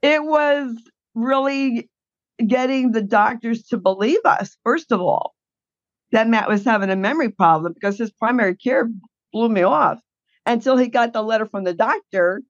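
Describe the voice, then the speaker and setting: A woman's voice: on the high side, moderate pace, no echo, dull audio. A woman guest telling her caregiving story in a blunt, indignant way. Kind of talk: emotional personal account.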